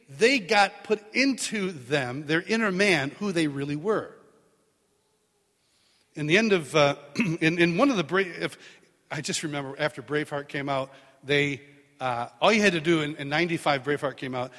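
A middle-aged man preaching a sermon to a live congregation, telling stories with animation and acting out the voices of the people in them. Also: a little high. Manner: animated storytelling, acts out voices in dialogue. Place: large church hall with live congregation. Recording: long hall reverb.

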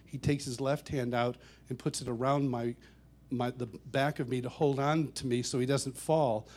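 A man telling a personal story to an audience, animated, often laughing and repeating words as he goes. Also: moderate pace. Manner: animated, laughs often, gets louder and higher as the story builds. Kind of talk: storytelling talk.

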